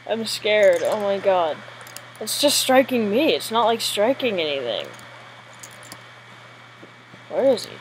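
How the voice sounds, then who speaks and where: A woman commentating her own gameplay live, excitable and jittery, often giggling. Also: mid-range voice, takes it slowly, long pauses, slight background noise, low-quality recording. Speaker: gamer.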